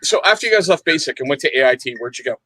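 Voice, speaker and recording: A man's voice: fairly high pitch, expressive, racing, bright, forceful tone, no room sound. A man hosting a veterans' panel, asking questions and teasing his guests with dry jokes. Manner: teasing, wisecracking banter. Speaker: host of veteran discussion panel. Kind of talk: casual panel chat.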